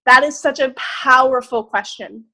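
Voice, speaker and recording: A young woman leading a group on a video call, giving an excited, emphatic motivational talk with casual swearing. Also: high-pitched, a little slow, poor audio. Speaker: group leader.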